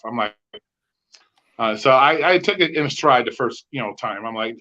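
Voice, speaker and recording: A man's voice: mid-range voice, moderate pace, a bit bright. A man in loose podcast chat, telling stories in a mid-range voice and swearing freely as he acts out the back-and-forth of arguments. The audio sounds slightly dull and lo-fi. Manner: profane storyteller who acts out both sides of quoted arguments. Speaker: podcast co-host. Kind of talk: casual chat.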